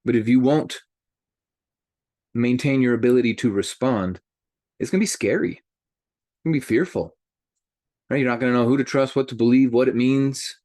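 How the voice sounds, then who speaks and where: A man hosting a group call, talking in an animated way and speaking straight to his listeners. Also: medium pitch, normal speed, long pauses, dry recording, studio quality. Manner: animated, addresses listeners directly. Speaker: host. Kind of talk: motivational group call talk.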